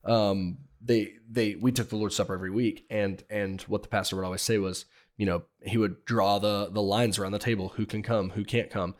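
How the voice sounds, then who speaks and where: A man co-hosting a podcast with a lowish voice. He talks in a conversational, affirming manner in a relaxed chat. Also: brisk. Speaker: co-host. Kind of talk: casual podcast discussion.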